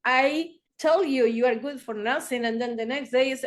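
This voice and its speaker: Middle-aged woman, interview guest sharing her story lively, slightly high-pitched. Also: moderate pace. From Argentina. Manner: animated, acts out quoted voices. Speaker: therapist guest.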